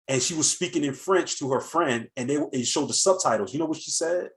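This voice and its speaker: A man's voice: on the high side, a little fast, few pauses. An American man hosting a casual talk show, rambling through a story with many fillers and restarts. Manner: rambling, lots of fillers and restarts, animated retelling. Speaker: host.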